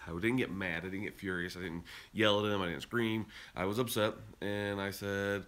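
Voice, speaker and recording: With a fairly low, fairly bright voice, steady tone, moderate pace, and few pauses, a Utah podcast host tells a casual, rambling story full of restarts that becomes heated and emphatic. He's in a garage and a car, indoors and out.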